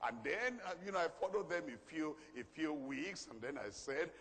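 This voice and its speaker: High-voiced man preaching in a hall. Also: animated, slightly rough. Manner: emphatic, repeats key phrases, reads scripture slowly and loudly. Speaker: pastor. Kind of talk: sermon. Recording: long reverb of a large hall.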